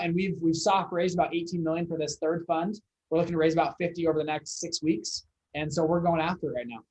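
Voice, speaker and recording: A young man, a fund founder, telling his story as a podcast guest in a casual, animated way with laughs and fillers. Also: on the high side, low-quality recording.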